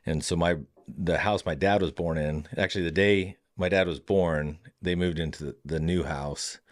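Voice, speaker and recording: Deep-voiced farmer, earnest and reflective. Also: male voice, steady tone. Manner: earnest and reflective, halting restarts. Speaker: farm owner, podcast guest. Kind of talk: casual interview chat.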